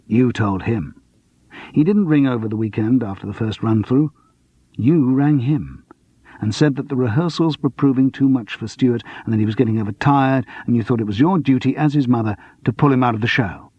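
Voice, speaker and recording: A man voicing a calm, quietly insistent man questioning someone, in a storybook reading. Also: medium pitch, slightly rough, no echo, lightly acted. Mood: probing. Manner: measured, persistent, cool. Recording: dull lo-fi dry audiobook recording.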